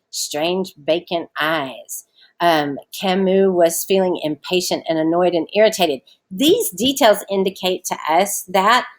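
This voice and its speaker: Casual woman teacher explaining a story. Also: mid-range voice. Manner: casual, chatty explaining with fillers. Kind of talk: recorded online lesson.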